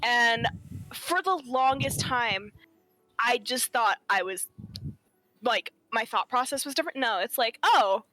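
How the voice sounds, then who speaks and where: Guest, young woman, giggly, bright, slightly high voice. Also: unhurried, no room sound, soft background music. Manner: giggly, loses her train of thought. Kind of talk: casual chat.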